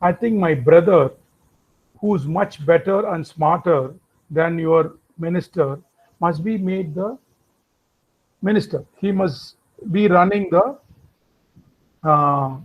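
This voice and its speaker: A man voicing a queen who coaxes and insists on favours for her brother. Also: fairly high pitch. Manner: coaxing, insistent. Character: queen pushing for her brother, pleading wife. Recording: dull lo-fi audio.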